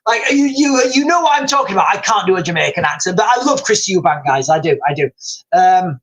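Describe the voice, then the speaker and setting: A man hosting a livestream, chatting casually and reading out viewer comments in a rambling, excitable way with lots of repeats and fillers. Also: high-pitched, fast, low-quality recording. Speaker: livestream host.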